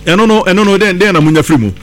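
A man calling in to a radio show, rambling and halting, with many fillers. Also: high voice, faint music behind.

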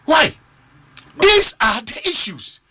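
A man's voice: very high voice, wildly swooping pitch, slow, pushed and bright. A man with a Ghanaian accent giving impassioned political commentary on a talk show, repeating phrases for emphasis.

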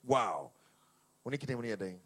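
A man's voice: mid-range voice, lively intonation, normal speed, a bit bright. A man with a Ghanaian accent hosting a quiz show, mixing English with Twi. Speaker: host.

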